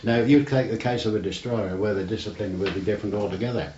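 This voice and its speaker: A man's voice: on the low side, steady tone, fast, warm tone. An older man, a navy veteran, telling rambling stories in an oral history interview, often adding "you see". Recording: roomy, dull archival tape with faint hiss.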